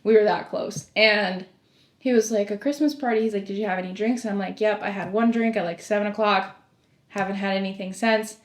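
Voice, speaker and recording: A woman's voice: mid-range voice, brisk. A young woman, a former sheriff's deputy telling stories in a casual podcast chat and acting out the dialogue. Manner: animated storyteller, acts out quoted dialogue, laughs often. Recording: echoey room.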